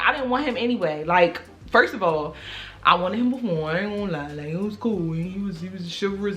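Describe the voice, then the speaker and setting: A young woman from Baltimore tells a personal story with animated, profane flair, and her pitch leaps around expressively. Her voice is bright and forceful, and faint music plays behind her. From Baltimore, USA. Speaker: YouTuber. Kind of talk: storytime vlog.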